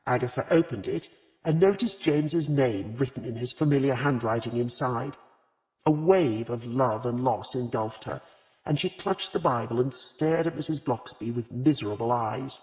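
A man narrating a mystery audiobook with expressive storytelling. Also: mid-range voice, normal speed. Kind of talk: scripted narration. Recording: dull lo-fi audio with long reverb.

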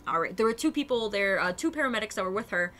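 A woman's voice: medium pitch, animated, fast talker, fairly bright tone, soft background music. A young adult woman streaming a game, chatting casually and animatedly with her viewers and laughing often.

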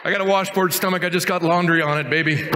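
A man preaching a sermon as pastor, mixing jokes at his own expense with earnest teaching, and dropping to a quiet, intense tone for stern points. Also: sits high, fairly even intonation, quick pace, very noisy. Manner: joking, self-mocking asides between earnest teaching. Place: church sanctuary. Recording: long reverb of a church hall.

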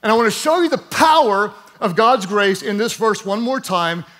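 A male pastor speaks at a normal speed in a high voice with a fairly bright tone. His sermon is emphatic, he has the congregation repeat words aloud, and he adds playful side remarks.

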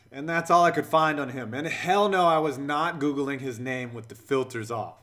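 A man's voice: mid-range voice, normal speed, a bit bright. A man hosting a scripted comedy countdown voice-over, delivering sarcastic jokes and innuendo. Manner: sarcastic, joking, innuendo-heavy. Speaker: YouTube channel host.

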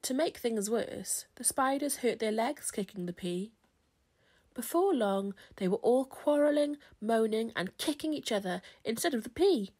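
A woman reading a children's picture book aloud, slow and expressive. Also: a little high, breathy edge. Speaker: children's storyteller.

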